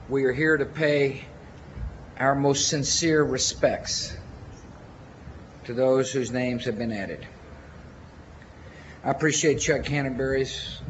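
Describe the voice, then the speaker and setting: A man with a Texan accent giving a formal memorial speech as president, earnest and measured, with deliberate pauses. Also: medium pitch, highs cut off, a little hiss or hum.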